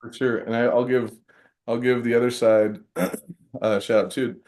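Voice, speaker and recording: A man's voice: medium pitch, steady tone, unhurried, a little mellow. A man co-hosting a podcast, speaking in an earnest, reflective way and sounding grateful. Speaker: podcast co-host. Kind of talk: casual conversation.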